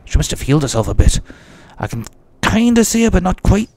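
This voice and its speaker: A man's voice: sits high, very animated, a little fast, darkish tone. A man giving chatty, jokey commentary as he plays a game and talks to himself. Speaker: let's play host. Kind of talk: casual gameplay commentary.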